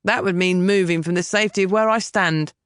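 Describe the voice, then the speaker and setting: A man's voice: high voice, fairly even intonation, brisk, a bit bright, dry recording, studio quality. A woman voicing a blunt, combative young man who is stubborn and afraid of the sea, in an audiobook. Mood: grumbling. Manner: gruff, combative, plain-spoken.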